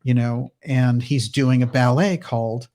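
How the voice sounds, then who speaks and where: A man hosting a livestream, telling a story in a loose, chatty style with quick laughs and restarts. His voice sits at an ordinary middle pitch for a man. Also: steady tone, warm tone. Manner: conversational fillers and restarts. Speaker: host. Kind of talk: livestream commentary and reading.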